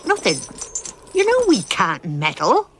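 A woman's voice: mid-range voice, huge pitch swings, measured pace, slight background noise. A woman voicing a stern, proud old witch in a cartoon, haughty and disapproving. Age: older. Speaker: head witch. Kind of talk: animated cartoon voice acting.

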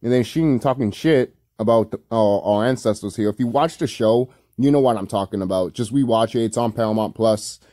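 A man's voice: lowish voice, a little fast, few pauses, warm tone, no room sound, studio quality. A man giving casual, rambling reaction commentary on a cartoon, full of fillers, swearing and laughter. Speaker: video commentator.

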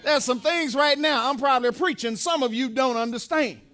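High-voiced emphatic male preacher. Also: normal speed, pushed and bright. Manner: emphatic preaching with repetition and call-and-response questions. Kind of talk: sermon. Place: church sanctuary.

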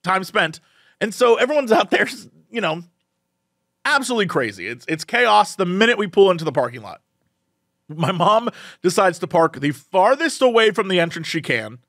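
Recorded dry with studio quality, a young man with a high-sitting voice speaks at normal speed while co-hosting a podcast. He's an animated storyteller, spinning a funny family tale in casual chat and doing voices for each family member.

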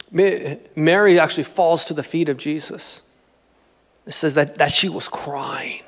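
High-voiced pastor preaching in a reverberant hall. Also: male voice, unhurried, slightly rough. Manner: conversational, joking preaching style. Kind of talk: sermon. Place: church sanctuary.

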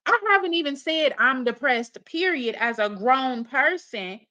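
A woman's voice: sits high, lively intonation, unhurried, bright, forceful tone, highs cut off. A woman giving profane reaction commentary, blunt and scolding, swearing heavily as she rants. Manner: mocks others in put-on voices.

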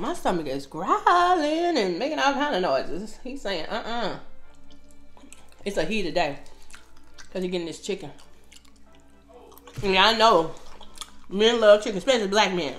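A woman's voice: mid-range voice, fairly bright tone, reverberant. A middle-aged woman hosting an eating video, chatting to viewers between bites with lots of appreciative hums. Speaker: mukbang host. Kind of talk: casual eating chat.

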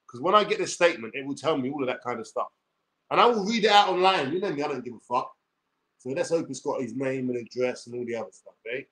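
A man's voice: mid-range voice, expressive, fast, fairly bright tone. A man in his forties with a London accent, ranting combatively and swearing on a livestream. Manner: combative, profane, streetwise slang. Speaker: YouTuber. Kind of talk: livestream rant.

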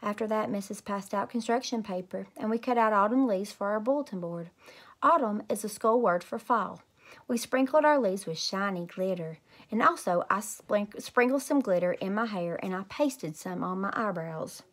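A woman's voice: medium pitch, normal speed. Woman reading a bedtime story aloud. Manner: lively, expressive storytelling.

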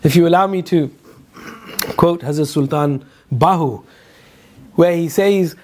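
A man's voice: a little high, a little slow, darkish tone, a little hiss or hum. A man teaching a Quran lesson, telling the story with rhetorical questions, asides and hesitant repeated fillers. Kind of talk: religious lecture.

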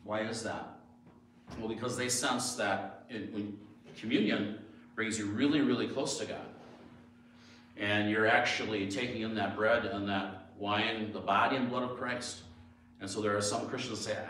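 A man's voice: on the low side, steady tone, normal speed, a bit bright, slight background noise. A man preaching as a pastor, telling stories and asking his listeners rhetorical questions with emphasis. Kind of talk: sermon. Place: church sanctuary. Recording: echoey church from far off.

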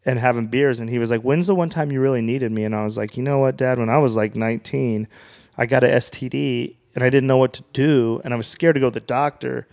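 A man's voice: medium pitch, fairly even intonation, fast talker, creaky, darkish tone. Man telling a profane story. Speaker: podcast guest, comedian and author. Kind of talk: casual storytelling.

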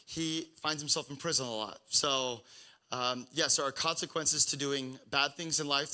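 Young male pastor, slightly high, very bright tone, loose conversational sermon delivery with lots of ums. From Pacific Northwest US. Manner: casual, rambling with many fillers and restarts.

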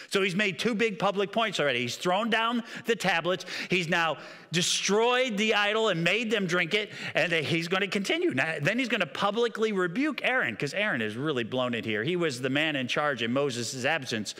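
Brief: bright, sharp-toned male pastor, lively storyteller, sermon in a long-reverb hall. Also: on the high side. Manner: animated, storytelling, repeats words when excited.

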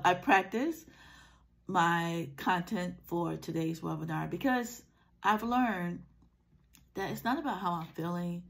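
A woman coach talking in an earnest, encouraging vlog, her throat scratchy from a cold. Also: on the low side. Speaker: life coach. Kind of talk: motivational vlog talk.

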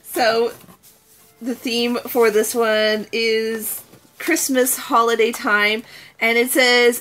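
A woman chatting through an unboxing in a playfully exaggerated, put-on Scottish accent. Her voice sits a little high, and she takes her time, unhurried between thoughts. She stays eager and excitable, breaking into gasps and cooing exclamations. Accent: put-on Scottish, deliberately rough. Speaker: unboxing vlogger. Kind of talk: casual unboxing chat.

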